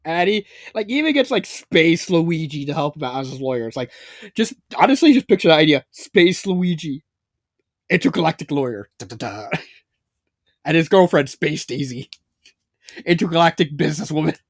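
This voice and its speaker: A man's voice: on the high side, lively intonation, moderate pace, no room sound, studio quality. A man giving a rambling, casual spoken review, full of fillers and swearing. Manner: rambling, filler-heavy, swearing, laughs a lot. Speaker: fanfiction reviewer.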